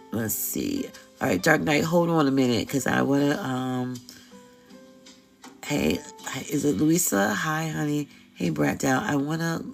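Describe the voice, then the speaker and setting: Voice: mid-range voice, creaky. A tarot reader hosting a live stream, talking casually and bluntly with slang, swearing and frequent laughs.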